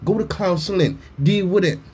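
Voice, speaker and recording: Loud, profane man ranting at a video. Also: sits high, normal speed, slightly rough. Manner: loud, blunt, swearing, mocking. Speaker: reaction commentator. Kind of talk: profane comedic reaction rant.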